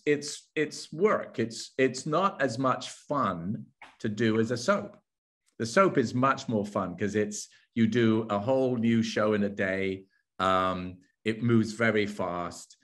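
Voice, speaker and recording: A man with a London English accent, speaking as an actor guest in a relaxed interview, with fillers and restarts. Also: on the low side. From England. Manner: conversational, with frequent fillers and restarts. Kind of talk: interview chat.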